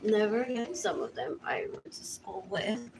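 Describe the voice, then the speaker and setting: A woman with a medium-pitched voice delivers a rambling monologue on a livestream at a moderate pace, and the recording is very noisy. She mutters and repeats herself, drifting between English and Spanish.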